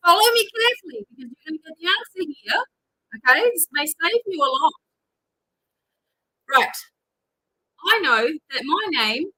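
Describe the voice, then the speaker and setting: Lady psychic reader on a livestream, kinda high and sharp voice, lots of ums and okays. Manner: chatty, instructive, many fillers. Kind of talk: live-stream reading.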